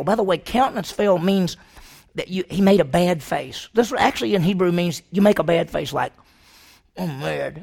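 Gravelly-voiced preacher man, animated. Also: normal speed, pauses often. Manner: animated preaching, rhetorical questions to the congregation; pitch jumps high when emphatic. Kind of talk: sermon.

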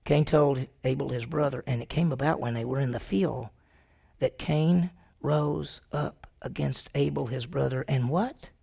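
A man preaching a sermon, asking the congregation rhetorical questions, with his pitch jumping high on points he stresses. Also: measured pace, vocal fry, dark tone, breathy edge. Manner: pitch jumps high when emphatic.

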